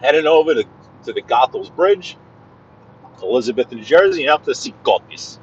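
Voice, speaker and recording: A man's voice: medium pitch, animated, moderate pace, muffled recording, a little hiss or hum. Chatty New man driving. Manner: chatty, talks to chat viewers, stumbles and repeats words. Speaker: live-streaming driver vlogger. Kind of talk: casual live-stream chat while driving. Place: inside a car on the highway.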